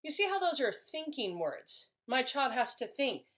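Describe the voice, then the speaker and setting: A woman's voice: high-pitched, very animated, a little slow, fairly bright tone. A woman giving an earnest, explanatory talk to camera as a parenting educator, sometimes restarting a phrase.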